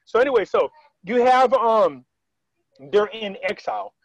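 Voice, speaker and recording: A man's voice: high-pitched, a little slow, gravelly, no room sound, dull audio. Rambling storyteller man on a call. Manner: rambling, retells quotes, frequent restarts. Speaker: interviewee. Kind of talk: casual video-call storytelling.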